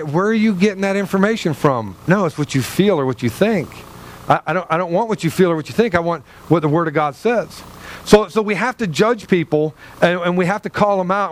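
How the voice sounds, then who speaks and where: A middle-aged man, a pastor, preaching a sermon in a loose, conversational way, often restarting his sentences and acting out the voices of people he quotes. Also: a little high.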